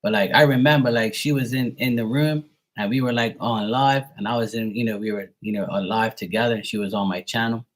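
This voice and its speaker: A man's voice: on the low side, fairly even intonation, brisk. A man working as a psychic medium, ranting bluntly and profanely in a rambling, casual livestream chat. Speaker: psychic medium and tarot reader.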